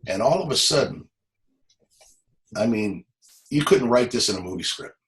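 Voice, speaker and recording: A middle-aged man from Los Angeles, a former police officer, telling a personal story in an interview, halting and repeating words, close to tears. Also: medium pitch, expressive, poor audio.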